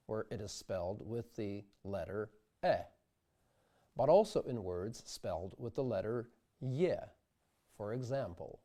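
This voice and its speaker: Guy explaining pronunciation real slow and careful, warm low-key tone. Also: lively intonation. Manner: careful, deliberate demonstration of vowel sounds. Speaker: diction instructor. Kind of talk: scripted instructional narration.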